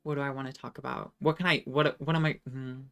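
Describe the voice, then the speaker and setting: A young adult woman streamer chatting casually with viewers, self-deprecating and halting when she tries French. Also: rumbling low, steady tone, creaky, faint music behind. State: slightly under the weather.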